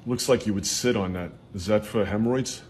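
A middle-aged man, a dad, bantering bluntly with quick comebacks in casual family chat. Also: lowish voice, very noisy. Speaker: prank target dad.

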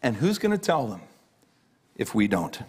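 A middle-aged man, a pastor, preaching a sermon with emphatic repetition, dropping low on key lines. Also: sing-song, normal speed, darkish tone, slightly rough.

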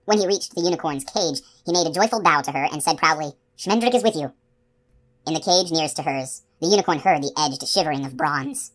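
A woman narrating a novel as an audiobook, with steady, expressive storytelling. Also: deep voice, quick pace, few pauses.

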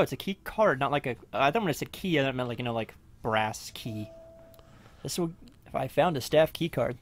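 A young man nervously talking through a horror game as he plays, rambling and muttering to himself. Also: medium pitch. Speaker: let's play host. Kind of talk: casual gameplay commentary.

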